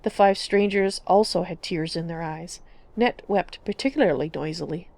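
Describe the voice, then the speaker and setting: A woman narrating a fantasy roleplay story in an even storytelling manner. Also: fairly low pitch, normal speed, gravelly, no room sound.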